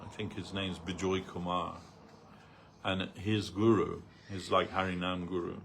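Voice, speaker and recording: A man's voice: low-pitched, little pitch movement, a little slow, gravelly, a bit bright, a little hiss or hum. A man giving a loose, anecdotal talk on a spiritual reading, full of "like" and "you know". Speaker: devotee speaker. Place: temple hall.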